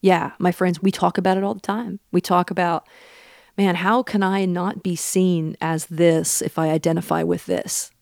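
A woman in her thirties with a Southern accent answers interview questions earnestly, thinking aloud with plenty of fillers. Her voice sits low for a woman and carries a gravelly fry. The recording is close and dry. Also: steady tone, normal speed, a little mellow, no room sound. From Pacific Northwest. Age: 30s. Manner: earnest and reflective, with frequent fillers. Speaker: interview guest, country singer. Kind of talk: thoughtful interview talk.

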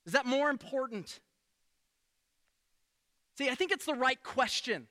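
High, bright-voiced man preaching in a reverberant sanctuary. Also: unhurried. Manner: animated, rhetorical questions, frequent restarts. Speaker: pastor. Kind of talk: sermon. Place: church sanctuary.

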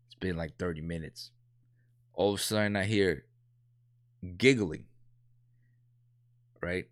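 A man's voice: sits low, a little slow, pauses often, dry recording, clean studio sound. A man in his thirties telling a casual anecdote, rambling and profane, with many restarts. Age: 30s. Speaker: storyteller.

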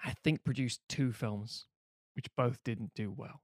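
A man's voice: mid-range voice, measured pace, no room sound, clean studio sound. Rambling, profane man in his late 30s. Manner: rambling and profane, with self-deprecating jokes. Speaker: podcast co-host. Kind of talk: casual chat.

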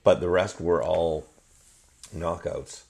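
A man's voice: deep voice, slow pace, vocal fry, darkish tone. A man co-hosting a casual sports talk show, analytical and agreeable, explaining fights step by step. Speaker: podcast co-host.

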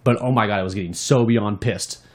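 A man's voice: fairly low pitch, fairly quick. A man co-hosting a gaming podcast, chatting casually and ranting with plenty of swearing. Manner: animated and profane, ranting about games. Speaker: podcast co-host. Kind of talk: casual chat.

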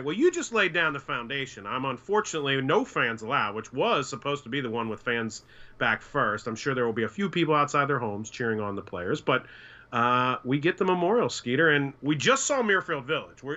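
A man's voice: medium pitch, animated, brisk, sharp tone, muffled recording. A man co-hosting a casual sports podcast, who tells stories and acts out the voices of the people he quotes. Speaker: podcast co-host.

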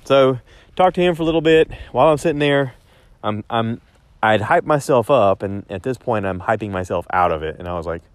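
A man's voice: mid-range voice, expressive, a little fast, dry recording. A man telling a rambling story in a casual spoken diary, correcting himself as he goes and talking into a phone. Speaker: vlogger.

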